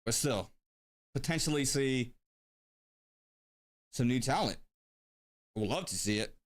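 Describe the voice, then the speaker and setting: A man's voice: medium pitch, animated, slow. Laid-back man hosting a stream. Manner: laid-back, thinks aloud with many ums. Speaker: tournament stream host. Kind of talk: casual live-stream commentary.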